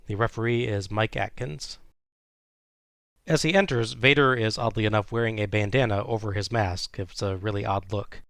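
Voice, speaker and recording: Guy with a lowish voice doing a casual wrestling recap, dry close sound. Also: moderate pace, gravelly, a bit bright, dry recording. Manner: play-by-play recap with chuckles. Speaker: podcast host recapping wrestling.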